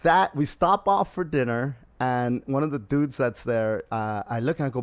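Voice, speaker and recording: A man's voice: mid-range voice, moderate pace, few pauses, no room sound. A man hosting a podcast, telling a story in casual chat, full of swearing and acted-out quotes. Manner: profane animated storytelling, acting out quotes. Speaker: podcast host.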